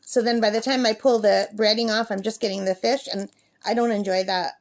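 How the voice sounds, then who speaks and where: A woman's voice: mid-range voice, fairly even intonation, a little fast, a little hiss or hum. A woman talking casually in a crafting vlog, rambling along and reading numbers aloud as she works. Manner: chatty and rambling, reads numbers aloud while working. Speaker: crafting vlogger. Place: at her summer camp with a talking parrot.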